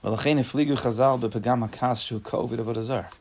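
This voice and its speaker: A man's voice: mid-range voice, fairly even intonation, fast, gravelly, a little mellow. A man giving a casual Torah class, reading a text and explaining it, acting out angry everyday voices and asking the class questions. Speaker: Torah teacher.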